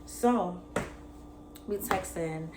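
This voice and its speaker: A young adult woman, telling a personal story in a slangy, animated way. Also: on the low side, extremely slow, background noise. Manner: animated, slangy retelling, acts out both sides. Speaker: vlogger. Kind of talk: casual storytime.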